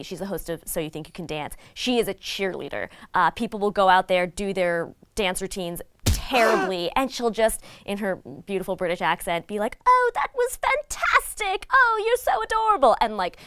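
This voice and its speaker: A woman talks through her views in a relaxed, opinionated way, full of "like" and "you know". Her pitch sits in a middle range. The sound is dry and close, with no room echo. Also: normal speed, few pauses, clean tone. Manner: chatty and opinionated, with frequent fillers. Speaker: guest commentator on reality TV. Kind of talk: casual chat.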